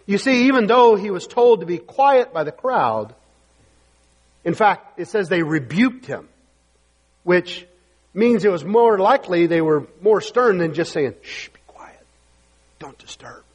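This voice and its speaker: Male pastor, husky and emphatic, preaching in a long-reverb hall. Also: high voice, expressive, a little slow. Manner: emphatic preaching, reads scripture aloud. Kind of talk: sermon.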